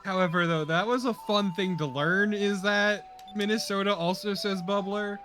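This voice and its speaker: A man on a game stream, chatting casually with quick reactive quips. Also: high voice, steady tone, a bit bright, faint music behind.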